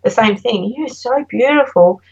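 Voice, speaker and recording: A woman's voice: on the high side, lively intonation, moderate pace, vocal fry, a little mellow, husky, dull audio. An Australian woman telling a story in a casual podcast chat, acting out the voices of the people she quotes. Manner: chatty, anecdotal, acts out quoted voices. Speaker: guest, branding designer.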